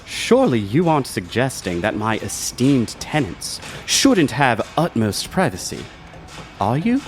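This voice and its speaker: A man's voice: mid-range voice, sing-song, a little slow, slight background noise. An actor playing a coldly smug, scheming male foreman who is also a doctor, speaking in a silky, condescending, menacing way. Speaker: villain.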